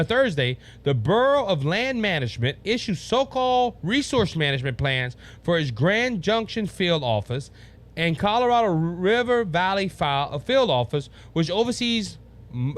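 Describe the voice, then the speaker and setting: A man with a Cajun Louisiana accent delivers a political commentary monologue as a podcast host. His voice sits high and swings widely in pitch. He talks emphatically, repeats himself, and addresses his listeners directly. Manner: emphatic and repetitive, often restarting phrases.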